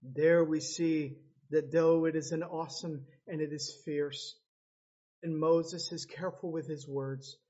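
A man preaching a sermon with passion, swinging from loud pleading cries to low hushed tones. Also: fairly even intonation, unhurried. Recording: slightly dull lo-fi sound.

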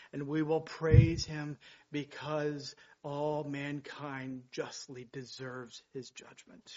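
A man's voice: a little high, darkish tone, muffled recording. A male pastor preaching a sermon, rising to urgent, emphatic passages. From United States.

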